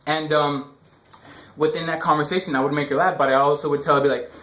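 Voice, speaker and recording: A man's voice: medium pitch, steady tone, fast, fairly bright tone. A young man giving casual dating advice in a rambling, slangy way, full of "like" and "you know". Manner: rambling, filler-heavy slang. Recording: roomy echo.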